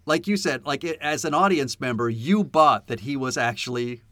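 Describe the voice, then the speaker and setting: A man co-hosting a podcast in casual chat, animated and laughing often as he acts out movie lines. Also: medium pitch, normal speed, dry recording, clean studio sound. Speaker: podcast co-host. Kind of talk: casual chat about a film.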